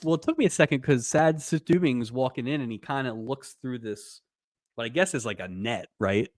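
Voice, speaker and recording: A man's voice: mid-range voice, moderate pace, dry recording, studio quality. A man co-hosting a podcast, recapping an old TV episode in casual chat and laughing often. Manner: laughs often, retells scenes with put-on voices. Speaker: podcast co-host.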